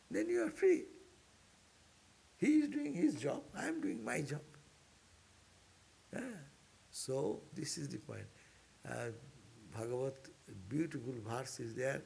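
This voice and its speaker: A man's voice: on the high side, sing-song, unhurried, vocal fry, pauses often, warm tone, breathy edge. A man, a monk, giving an informal scripture class in an earnest, exhorting way that repeats key points. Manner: earnest, repetitive, exhorting, with sudden upward bursts. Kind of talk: informal spiritual class lecture.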